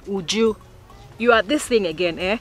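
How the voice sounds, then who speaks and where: A woman's voice: medium pitch, moderate pace, lightly acted. An actress playing a young woman who pleads with her upset friend, speaking in a bewildered, pleading way.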